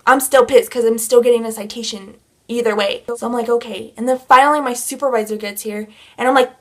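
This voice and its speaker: A woman's voice: on the high side, fairly even intonation, a little fast. A young woman vlogger telling a story in a heated, profane rant.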